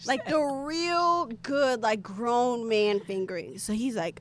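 A young American woman telling a story in casual, animated chat, with lots of filler words and sudden loud outbursts. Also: on the high side, slow pace, few pauses, a little hiss or hum. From United States. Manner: animated, chatty, filler-heavy, bursts into shouting.

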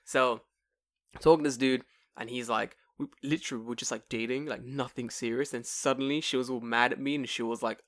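Brisk and mid-range in pitch, this young podcast co-host based in Japan swears freely as he spins lively anecdotes. He often mimics others in mocking, exaggerated quoted voices during the casual show.

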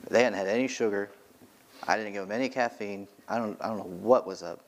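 Earnest low-voiced man preaching a sermon. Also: a little fast, a little hiss or hum. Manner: earnest, emphatic, repeats key phrases. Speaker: pastor. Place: church sanctuary, from the pulpit.

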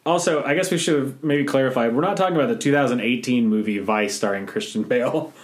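A podcast co-host riffing on a bad movie in casual chat, animated and mocking, acting out quotes in silly voices. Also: mid-range voice, quick pace.

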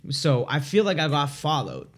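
A man's voice: fairly high pitch, huge pitch swings, normal speed. A man co-hosting a podcast in laid-back, profane casual chat, laughing through his stories. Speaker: podcast co-host.

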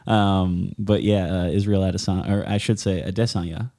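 A man's voice: low-pitched, fairly even intonation, moderate pace, creaky, mellow. Laid-back man chatting on a podcast. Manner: rambling, laughs often, many "like" fillers. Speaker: podcast co-host. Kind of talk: casual podcast chat.

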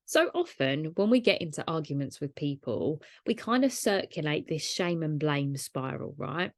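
Low-voiced woman hosting a podcast. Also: sing-song, normal speed, dry recording, clean studio sound. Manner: conversational, reflective, uses rhetorical tags like "right?". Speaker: podcast host. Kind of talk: solo podcast talk.

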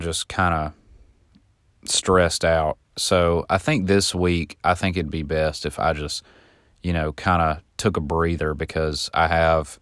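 A man hosting a podcast, telling a long personal story in a casual, rambling way and getting animated when he reenacts what people shouted. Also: low-pitched, clear, resonant tone, dry recording, studio quality. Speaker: podcast host.

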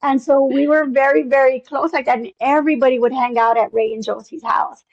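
A woman's voice: sits high, fairly even intonation, a little fast, dry recording, lo-fi sound. A woman telling a long personal story in an interview, rambling with many fillers and acting out bits of dialogue. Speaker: interview guest.

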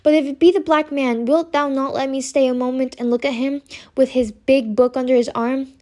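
A woman reading aloud and voicing a curious, lively little girl with an eager, questioning manner. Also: sits high, a little fast, lightly acted.

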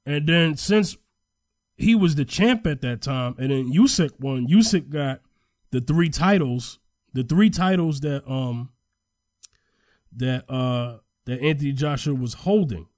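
Man, casual co-host, medium pitch, dry booth sound; swings from excited to muttering. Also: measured pace, no echo. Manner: animated, voice jumps up when excited, trails off quietly when looking things up. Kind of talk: casual chat.

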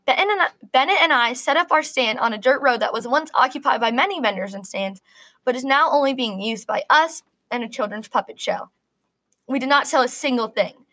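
Bright-voiced woman reading a story. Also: high voice, expressive, brisk. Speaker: narrator. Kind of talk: first-person story reading.

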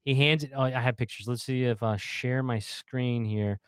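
Man in his thirties, casual storyteller who stumbles and restarts, mid-pitched, dry recording. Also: moderate pace, clean tone, no room sound. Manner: animated storyteller, repeats words, acts out the yelling fans. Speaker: fan telling a story. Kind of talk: casual chat on a video call.

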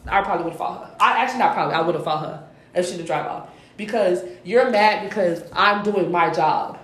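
A young woman, co-hosting a podcast, telling a heated story in a lively, swearing chatty way. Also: on the low side, brisk. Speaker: podcast co-host. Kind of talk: casual chat. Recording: roomy echo with faint hiss.

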